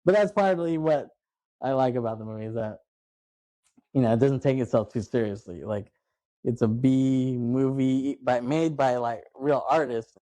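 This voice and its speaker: A man on a movie podcast, chatting casually and laughing as he retells scenes, putting on the characters' lines. His voice is mellow and dark, recorded dry and close with no room sound. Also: medium pitch, normal speed, no room sound. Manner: loose retelling, acts out quotes, laughs often. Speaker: podcast host.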